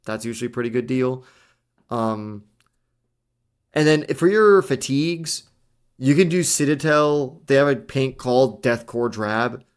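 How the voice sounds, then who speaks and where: A man's voice: mid-range voice, unhurried, clear, resonant tone. A young man co-hosting a casual hobby chat, talking eagerly with slangy asides. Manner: enthusiastic, chatty, slangy. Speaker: podcast co-host.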